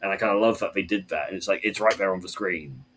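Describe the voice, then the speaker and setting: A man on a casual podcast, ranting with animated, profane energy about a film. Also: low voice, fast talker, a little hiss or hum.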